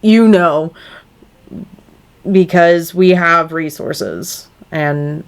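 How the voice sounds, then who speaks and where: A woman co-hosts a casual podcast, speaking slowly and earnestly into her microphone. Her voice sits on the low side, and she rambles with lots of fillers and restarts. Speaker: podcast co-host.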